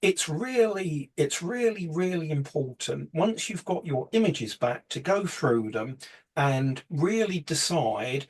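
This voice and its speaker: Husky man rambling through a talk. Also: fairly high pitch, expressive, takes it slowly, darkish tone. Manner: rambling, heavy with fillers and restarts. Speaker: photography workshop presenter. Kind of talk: casual slide presentation.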